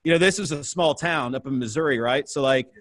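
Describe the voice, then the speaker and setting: An American man from the Midwest, in his thirties, tells his story as an interview guest. His voice sits somewhat high, and he talks in a lively, animated way, acting out the dialogue. The recording is dry and close, with almost no room sound. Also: a little fast, dry recording. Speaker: entrepreneur guest.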